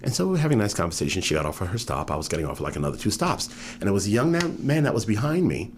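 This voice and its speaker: A man in his fifties tells stories from his life in an oral history interview. His voice sits low but swings widely in pitch as he acts out the people he quotes. Faint room noise lies underneath. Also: very animated, racing. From New York. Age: 50s.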